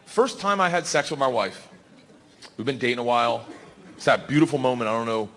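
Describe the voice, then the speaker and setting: A man doing a stand-up comedy set, animated and storytelling, acting out voices and bantering with the crowd. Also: mid-range voice, a little fast. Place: comedy stage before a live audience. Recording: live show with audience laughter and background noise.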